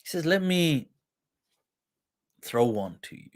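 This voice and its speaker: A man hosting a livestream who tells an old story with quoted dialogue, reciting Arabic quickly before translating it, mixing in Urdu phrases and laughing along the way. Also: on the high side, very animated. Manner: mixes Urdu phrases into English. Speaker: livestream host and mufti.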